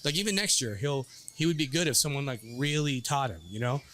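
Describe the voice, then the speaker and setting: A man in his thirties hosting a casual bar chat show, telling stories in a rambling, animated way. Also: medium pitch, fairly quick, slight background noise. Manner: rambling, animated storytelling with quoted voices. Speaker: podcast host and youth baseball coach.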